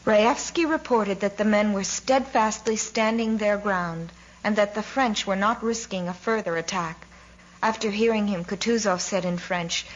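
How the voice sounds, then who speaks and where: A woman narrates a classic novel in a measured, expressive way at a middle pitch. The recording is slightly dull and muffled. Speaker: audiobook narrator.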